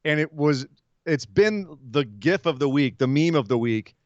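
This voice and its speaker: A man's voice: on the high side, lively intonation, moderate pace, dry recording. A man co-hosting a podcast, chatting casually and animatedly about wrestling, laughing and acting out the moves. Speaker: podcast co-host. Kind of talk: casual wrestling recap chat. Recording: slightly dull lo-fi audio.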